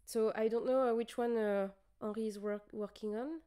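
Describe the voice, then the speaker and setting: A woman's voice: a little high, fairly even intonation, normal speed, mellow, clear, resonant tone. A tired young woman with a French accent, chatting casually on a livestream and hesitating as she searches for English words. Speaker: streamer.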